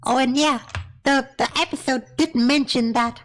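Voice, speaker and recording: A woman's voice: high-pitched, steady tone, normal speed, a little hiss or hum, poor audio. A woman streamer chatting casually while reacting to cartoon episodes, laughing and often saying not gonna lie. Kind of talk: casual live-stream chat.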